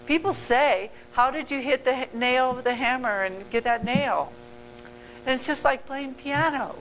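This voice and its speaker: A woman's voice: sits high, a little slow, a bit bright, slight background noise, rough recording. An older woman giving a motivational talk as a guest speaker at a club meeting. She speaks earnestly, rambles and corrects herself mid-sentence.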